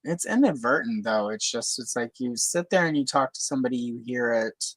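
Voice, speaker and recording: A woman's voice: extremely low pitch, animated, brisk, no echo, rough recording. A woman from Louisiana hosting a casual livestream chat, talking in a chatty way with many fillers and careful, neutral speech. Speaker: host.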